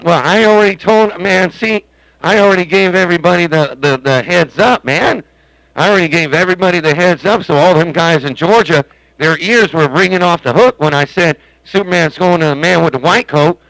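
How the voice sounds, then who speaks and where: A man rambles and jokes over his home CB base station in a folksy way. His voice sits a little high. The sound is dry and close, with no room around it. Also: fairly quick, vocal fry, a bit bright, dry recording, poor audio. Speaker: CB radio operator and stream host. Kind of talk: casual radio chat.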